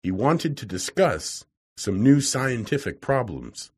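A man reading a story aloud, expressive, acting out each character. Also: mid-range voice, slow pace, husky. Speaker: narrator.

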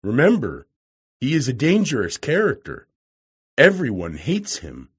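A man voicing a skeptical young scientist friend in a read-aloud story, with a husky voice. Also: mid-range voice, huge pitch swings, measured pace, exaggerated voice.

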